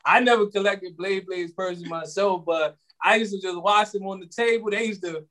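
A young man in casual conversation, talking in relaxed slang with lots of fillers. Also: high-pitched, a little fast. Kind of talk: casual chat.

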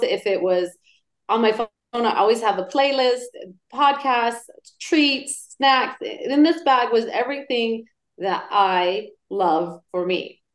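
Middle-aged lady, kinda high voice, chatty storyteller, echoey room. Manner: animated storyteller. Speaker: guest. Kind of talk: casual podcast chat. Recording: roomy echo.

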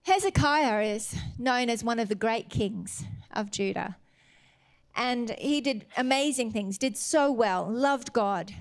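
A woman preaching a sermon, retelling scripture with earnest, exhorting emphasis. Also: high-pitched.

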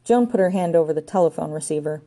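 Low, mellow woman narrating a story. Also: fast talker. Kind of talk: audiobook narration.

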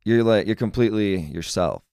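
A man's voice: on the low side, normal speed, mellow, smooth, no echo, clean studio sound. A young man, a band member guest, talking casually and laid-back, swearing and acting out quotes. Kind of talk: casual interview chat.

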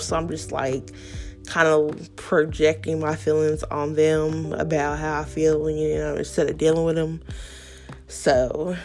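A young adult woman hosting a solo podcast, talking candidly and profanely in a casual, animated way. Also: lowish voice. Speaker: podcast host.

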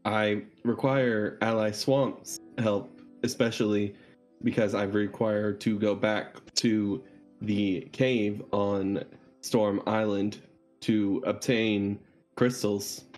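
A man's voice: lowish voice, little pitch movement, takes it slowly, darkish tone. A man voicing a formal robotic construct in a tabletop game, speaking stiffly and calling himself "this unit", over faint music. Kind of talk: tabletop role-play in character.

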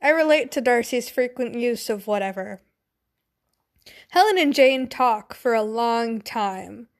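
Reading a fanfiction story at a measured pace, a young woman in a slightly high voice keeps stopping for chatty, giggling asides full of curse words.

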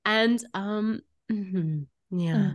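A woman's voice: medium pitch, very slow. A woman talking as a podcast guest about energy work, blunt, playful and often swearing. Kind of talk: casual podcast conversation.

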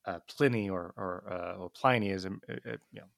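A man's voice: low voice, fairly even intonation, fast, vocal fry, no echo, studio quality. A man from California co-hosting a podcast, telling chatty anecdotes in casual conversation. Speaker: podcast co-host. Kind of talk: casual chat.

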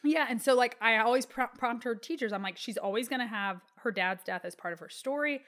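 A woman's voice: a little high, a little fast, a bit bright. Earnest Texan woman telling a story. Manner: earnest, heartfelt storytelling with many fillers. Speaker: guest, children's book author. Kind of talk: conversational interview.

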